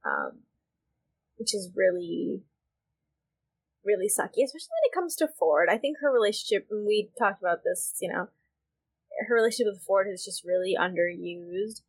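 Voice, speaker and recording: Woman co-host, mid-pitched, heated and emphatic, casual and profane. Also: animated, normal speed, pauses often, slightly rough. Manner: heated, emphatic, swears freely. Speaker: podcast co-host. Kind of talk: casual chat.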